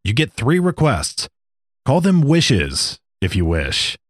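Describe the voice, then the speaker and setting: A man voicing an old talking desert snake, calm and matter-of-fact with dry jokes. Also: medium pitch, slow pace, no room sound, voice pushed up, heavily acted. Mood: wry. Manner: matter-of-fact, dryly joking.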